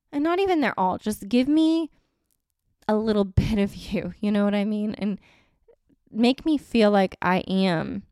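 A woman's voice: medium pitch, a little mellow, clear, resonant tone, dry recording, clean studio sound. A woman in her thirties chatting casually to camera, rambling and correcting herself as she goes. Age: 30s. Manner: rambling, chatty, self-correcting with frequent laughs. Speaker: vlogger.

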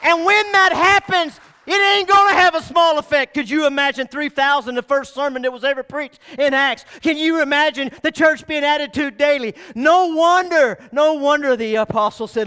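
A middle-aged pastor preaches to his church in a very high, bright, forceful voice. He swings from shouted peaks down to hushed, confiding asides. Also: steady tone, normal speed, few pauses. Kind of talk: sermon. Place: church sanctuary.

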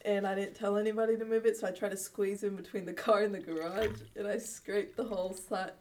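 A woman's voice: medium pitch, fairly even intonation, a little fast, a little mellow, recorded from a distance, a little hiss or hum. A young woman chatting casually as a guest, telling long stories with many fillers and frequent laughs. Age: young adult. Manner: rambling storyteller, laughs often. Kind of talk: casual chat.

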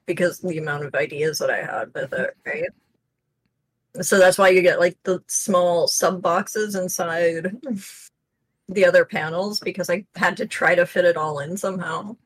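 Relaxed voice explaining comic panels. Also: medium pitch, unhurried, low-quality recording. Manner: explains matter-of-factly with fillers. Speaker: comic artist and podcast co-host. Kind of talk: casual chat.

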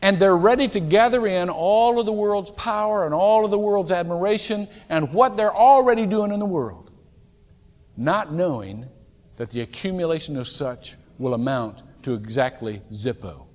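A man preaching a sermon as a pastor, animated and emphatic, with many rhetorical questions to the congregation. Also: a little high, measured pace, big-room sound. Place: church sanctuary.

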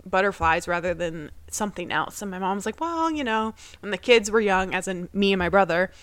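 A woman's voice: lowish voice, steady tone, fairly quick, no echo. A young woman co-hosting a podcast, telling a personal family story casually and loosely, with lots of fillers and acted-out quotes of her relatives. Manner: rambling, heavy on fillers, acts out quoted family voices. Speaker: podcast co-host.

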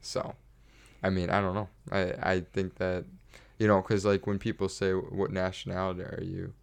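A very deep, gravelly man from the United States, co-hosting a casual podcast. He rambles through stories with false starts and easy laughter. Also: completely flat delivery, moderate pace. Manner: rambling, many restarts and laughs. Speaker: podcast co-host. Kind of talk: casual chat.

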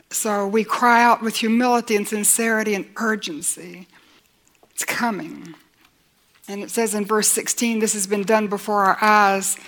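A woman's voice: medium pitch, a bit bright. A woman preaching a sermon in an earnest way, building with repeated lines and sometimes dropping almost to a whisper. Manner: earnest, drops to near-whispers for emphasis; builds with repetition and rising lines.

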